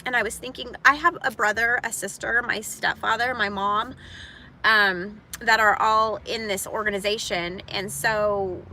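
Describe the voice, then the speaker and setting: A woman speaks to her online community on a live stream, her voice bright and a little forceful. She talks haltingly and emotionally, close to tears and apologizing as she goes. A faint hum of noise sits behind her. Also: medium pitch, fairly even intonation, poor audio. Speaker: vlogger, single mom.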